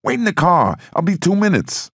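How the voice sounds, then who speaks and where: A man's voice: a bass voice, fast talker, gravelly, a little mellow, breathy edge, dry recording, clean studio sound, heavily acted. A man voicing an impatient, brusque young mobster. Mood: angry. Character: hot-headed young mobster.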